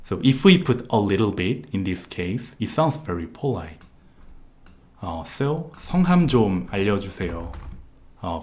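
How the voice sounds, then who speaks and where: A man with a Korean accent, a native Korean speaker, teaching a live online language lesson with patient, repetitive explanations and frequent "uh" fillers. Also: sits low.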